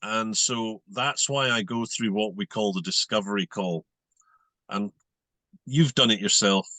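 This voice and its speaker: A Scottish man, a hypnotherapist, giving measured, explanatory answers in an interview. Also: on the low side, sharp tone, no room sound. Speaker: hypnotherapist guest.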